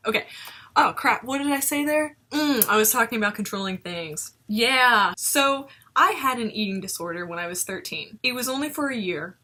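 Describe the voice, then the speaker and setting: A woman's voice: a little high, lively intonation, normal speed, bright, forceful tone. A young woman looking back on an old video of herself, talking casually and animatedly, with self-mocking humor and frequent laughs. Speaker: vlogger reviewing her old video. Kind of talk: reflective casual commentary.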